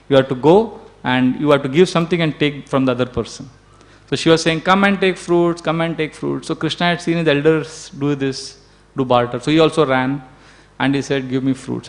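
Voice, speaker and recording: A man, a preacher telling a devotional story in an animated way. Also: medium pitch.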